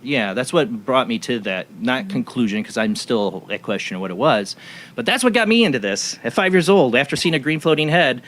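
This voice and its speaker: A man's voice: mid-range voice, animated, a little fast, fairly bright tone. A man hosting a talk show, telling a personal story in a rambling way with many restarts. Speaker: radio show host. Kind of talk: casual radio talk show chat.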